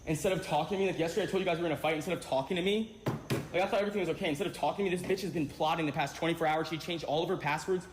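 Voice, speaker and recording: A man's voice: on the high side, rapid-fire. Furious, profane man ranting. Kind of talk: ranting stream clip. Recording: echoey room with faint background noise.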